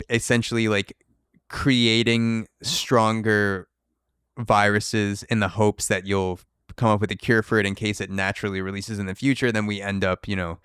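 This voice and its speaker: A man's voice: fairly low pitch, a bit bright, clean tone, dry recording, clean studio sound. A young man hosting a podcast, rambling through jokey, speculative theories in casual chat. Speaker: podcast host.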